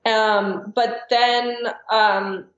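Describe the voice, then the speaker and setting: A young woman with a slightly high voice chats as a podcast guest, rambling with lots of ums and likes. The sound is roomy and a bit muffled. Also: fairly even intonation, drawn-out words. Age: young adult. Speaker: guest, actress and singer. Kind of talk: casual podcast chat.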